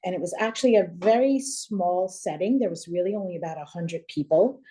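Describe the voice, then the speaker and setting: A woman's voice: on the low side, brisk, warm tone. A middle-aged woman sharing earnestly on a group video call, with many fillers. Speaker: call participant.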